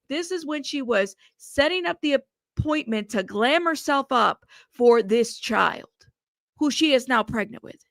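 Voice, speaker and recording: Gravelly, outspoken woman news host. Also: high-pitched, animated, a little slow, no echo, studio quality. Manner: outspoken and indignant, cusses, talks to her chat directly. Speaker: true crime news host. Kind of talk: livestream commentary on a news case.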